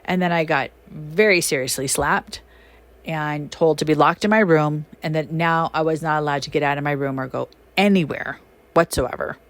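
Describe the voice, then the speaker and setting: A woman with a somewhat low voice hosts a spoken podcast and tells her stories as casual talk. She is chatty, full of fillers, and jumps up in pitch when something excites her. Her delivery is animated and emphatic. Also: normal speed. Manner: chatty with many fillers like "you know". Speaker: podcast host and shaman. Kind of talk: casual storytelling monologue.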